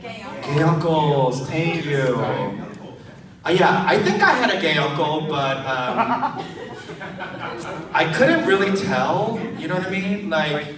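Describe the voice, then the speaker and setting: A man's voice: a little high, very animated, slow, pauses often, a crowd in the background. A man performing a live stand-up set, telling self-deprecating stories and laughing between lines. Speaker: stand-up comedian. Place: comedy club stage. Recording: roomy, distant live club recording. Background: audience laughter.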